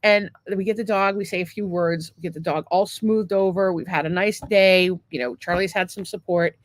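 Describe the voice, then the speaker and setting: A woman podcast co-host telling a story in casual chat, animated, laughing often and swearing freely. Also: on the low side, normal speed.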